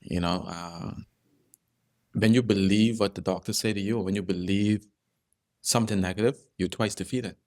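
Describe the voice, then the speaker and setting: A man's voice: on the low side, steady tone, moderate pace, a little mellow. A man, a holistic health doctor, talking as a podcast guest and explaining health through stories, often repeating phrases for emphasis. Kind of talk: casual podcast conversation.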